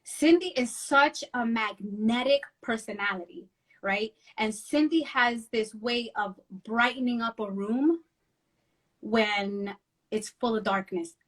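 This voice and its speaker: Woman from new jersey, animated storyteller, somewhat high voice, casual interview guest. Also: takes it slowly. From Union City, New Jersey. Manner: animated storytelling, switches into Spanish phrases.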